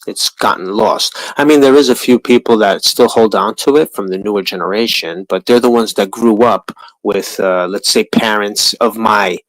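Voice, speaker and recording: A man's voice: on the low side, normal speed, a bit bright, no room sound, rough recording. A man with a New York accent hosting a livestream, rambling in crude, profane casual chat. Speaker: livestream host.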